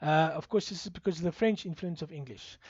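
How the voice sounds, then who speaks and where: A man's voice: fairly high pitch, fast, darkish tone, husky, dry recording, muffled recording. A man with an Afrikaans accent from South Africa, giving a recorded university lecture, hesitant and full of fillers.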